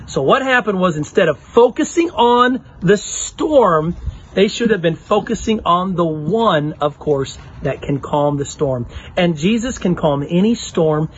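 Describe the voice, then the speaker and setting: Man, youth pastor, high voice, lively sing-song delivery, lo-fi recording. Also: unhurried, slight background noise. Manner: animated, talks straight to the kids, acts out the story. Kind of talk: children's sermon with object lesson.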